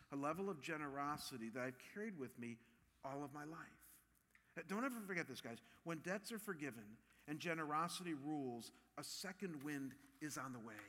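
A man in his fifties from Ohio, preaching a sermon with animated, personal storytelling. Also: a little high, in a large hall. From Ohio, USA. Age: 50s. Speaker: pastor.

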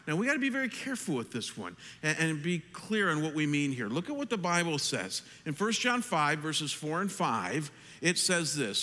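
An American man preaching a sermon as pastor, animated, climbing loud on his questions and slowing down to stress points. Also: on the high side. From United States. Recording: long reverb of a large hall.

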